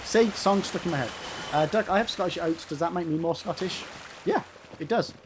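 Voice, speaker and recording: A man's voice: high voice, brisk, noisy background. An English man doing live gameplay commentary, bantering and teasing with his chat, with sudden sweary outbursts at the game. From England. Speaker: gaming streamer.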